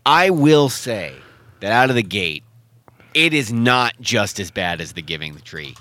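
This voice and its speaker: A man's voice: fairly low pitch, big pitch swings, measured pace, bright, forceful tone, no room sound, studio quality. A man co-hosting a casual podcast, telling a story in a profane, ranting way. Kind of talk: casual chat.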